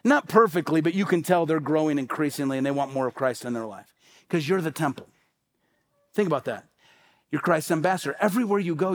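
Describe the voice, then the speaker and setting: Man, pastor, middle-aged, high-pitched, emphatic sermon delivery. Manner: emphatic preaching with repeated phrases and acted-out quotes.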